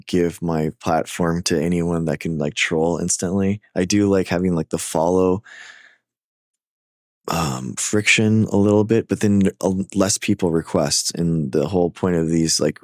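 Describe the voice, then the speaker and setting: A man with a very low voice hosts a live stream, talking slowly and haltingly. He gropes through explanations with lots of fillers and restarts. The sound is dry and close. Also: fairly even intonation, no echo. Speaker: livestream host. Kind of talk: casual livestream chat and science explanation.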